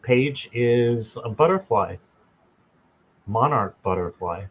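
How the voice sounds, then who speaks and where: Laid-back man hosting a live stream, unhurried, jokey, mid-pitched voice. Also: lively intonation, breathy edge, poor audio. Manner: slow, chatty, talks to viewers by name, jokes. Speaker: tarot reader and channel host. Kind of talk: casual live-stream chat.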